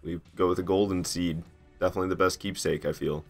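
A man's voice: low voice, fairly even intonation, fast talker, soft background music. A man chatting casually on a live stream while playing a game, rambling, laughing at himself and swearing freely. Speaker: gaming streamer. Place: his garage.

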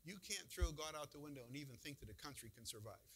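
Bright-voiced male pastor preaching. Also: on the high side, lively intonation, quick pace, husky. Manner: conversational preaching with rhetorical questions. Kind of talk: sermon. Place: church.

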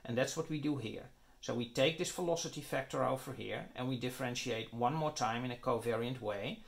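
A man's voice: medium pitch, fairly quick, gravelly. A man lecturing on physics, explaining his derivation step by step and often checking in with "right?" and "okay?". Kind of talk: explaining at a whiteboard.

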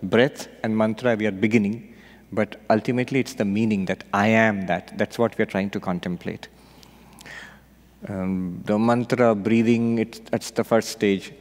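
A man, a monk and spiritual teacher, giving an unhurried meditation retreat talk with gentle storytelling and light humor. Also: on the low side, fairly even intonation. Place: retreat hall. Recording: long hall reverb.

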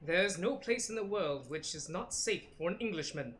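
Woman voicing an aloof English gentleman. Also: on the low side, expressive, moderate pace, a little hiss or hum, natural voice.

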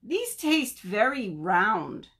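A woman voicing a hungry, fussy, demanding little male bird with a shrill, squawking voice in a storybook read-aloud for children. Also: big pitch swings, drawn-out words, fairly bright tone, slightly rough, heavily acted. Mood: grudging.

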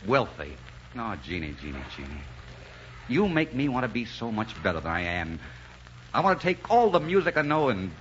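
Guy voicing a lovestruck young composer, old radio play, swoopy voice, muffled sound w/ soft music. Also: medium pitch, a little hiss or hum, lightly acted. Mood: tender. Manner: halting and shy when proposing, then swelling with passion. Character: earnest young male composer, romantic newlywed. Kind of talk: 1940s radio acting.

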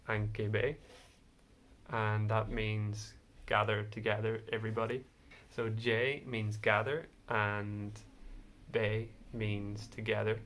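A man's voice: lowish voice, fairly bright tone. A man hosting a casual vlog, explaining an instrument hesitantly with many fillers. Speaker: video host. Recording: faint background noise.

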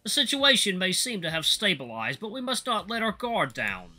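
A man's voice: sits high, wildly swooping pitch, moderate pace, pushed and bright, pitched above the performer's own voice, full character voice. A man voicing a stern, commanding male guild leader who gives formal announcements. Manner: formal announcing tone, failed attempt at a Russian accent.

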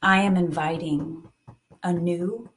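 A woman guiding a live tapping and meditation session, speaking slowly and soothingly and sighing between cues. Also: on the low side, steady tone, slight background noise.

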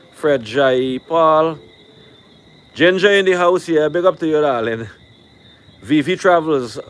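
A man hosting a live stream from a rooftop cookout, reeling off shout-outs and ranting at critics in a brash, animated way. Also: fairly high pitch.

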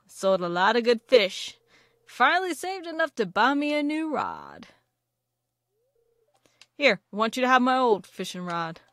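A woman voicing a gruff old male fisherman with a hearty, pirate-like drawl, for a video game. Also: medium pitch, a bit bright, no echo.

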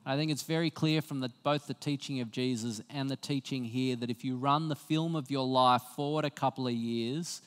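A man's voice: medium pitch, moderate pace, few pauses, big-room sound. A man preaching a sermon as pastor, talking to the congregation in a conversational way and weaving in personal stories. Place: church.

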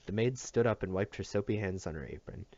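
A man with a deep, low voice reads a novel aloud, tripping over a word now and then and going back to fix it. The take is dry and a little dull, like a lo-fi home recording. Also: quick pace, darkish tone, dry recording. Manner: plain reading with stumbles and self-corrections. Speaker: audiobook reader.

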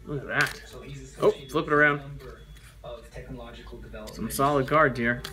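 A man's voice: a little high, steady tone, measured pace, over music. A man hosting a toy show, chatting casually as he reads out names and makes joking asides. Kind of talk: casual card-opening chat.

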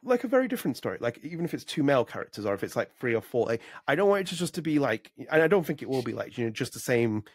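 A man talks quickly and rambles through a casual podcast chat, full of likes and ums. His voice sits at an ordinary pitch. The recording is close and dry. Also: very animated, slightly rough, no room sound. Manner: rapid, rambling with many fillers. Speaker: podcast co-host.

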